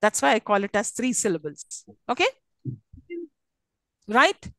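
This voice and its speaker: A woman's voice: medium pitch, big pitch swings, a little slow, pushed and bright, dry recording. A woman with an Indian English accent lecturing students on syllables and word stress, often checking they follow. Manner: explains with frequent checks to students, encouraging. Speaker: teacher. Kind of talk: classroom lecture on English phonetics. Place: classroom.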